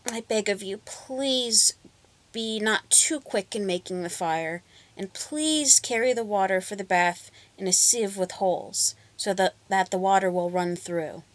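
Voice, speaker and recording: A woman voicing a timid, polite young peasant girl, speaking in a high, eager voice in a storybook reading. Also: unhurried, close to an everyday voice.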